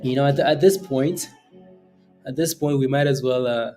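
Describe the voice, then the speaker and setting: Man, live trading stream host, casual chatter, lots of fillers, mellow voice, faint background music. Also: medium pitch, steady tone, normal speed. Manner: chatty, laughs often, repeats phrases, many fillers. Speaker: stock trading livestream host. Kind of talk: casual live commentary answering chat.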